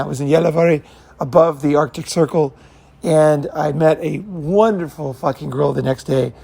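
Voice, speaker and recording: Gravelly, husky man telling rambling stories. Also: a little high, a little mellow. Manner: profane, rambling storyteller who repeats himself. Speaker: channel host. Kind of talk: unscripted monologue.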